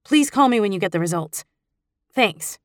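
A woman narrating a first-person audiobook in an intimate, expressive reading style. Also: medium pitch, normal speed, no room sound, clean studio sound.

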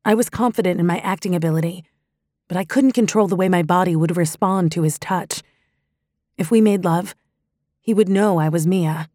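Low, mellow woman reading an audiobook. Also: normal speed, no room sound, clean studio sound. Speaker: audiobook narrator. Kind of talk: first-person audiobook narration.

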